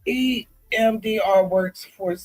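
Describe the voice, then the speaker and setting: A man talking candidly in a personal vlog, earnest and confiding, often halting with ums and restarts as he reads comments aloud. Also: sits high, rough recording. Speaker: vlogger.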